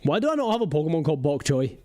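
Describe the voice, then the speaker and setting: A man's voice: fairly high pitch, big pitch swings, rapid-fire, a little mellow. A man streaming a game live, chatting playfully with viewers and drifting into silly voices. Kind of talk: casual live-stream chat. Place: home streaming setup in rural Scotland.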